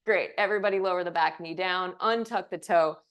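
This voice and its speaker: A woman's voice: fairly low pitch, fairly quick, fairly bright tone. A woman teaching a yoga class, calling poses in time with the breath and slipping in chatty asides; she is out of breath from moving. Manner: breath-paced cues, chatty asides with light laughs. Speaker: yoga instructor. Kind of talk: cueing a live yoga class.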